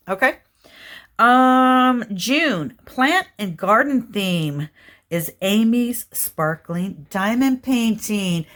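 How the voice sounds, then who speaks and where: A middle-aged woman chats loosely to her viewers as a craft channel host. Her voice sits a little low, and she rambles, jumping from one thought to the next at a quick clip. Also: fairly bright tone. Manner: rambling, chatty, talks fast and apologizes for it. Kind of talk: casual chat to viewers.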